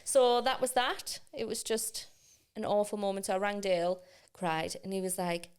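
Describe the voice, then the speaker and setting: Chatty mum telling stories. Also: female voice, mid-range voice, fairly even intonation, moderate pace, darkish tone, clean tone. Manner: chatty storyteller acting out quoted voices. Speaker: podcast co-host. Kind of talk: casual chat.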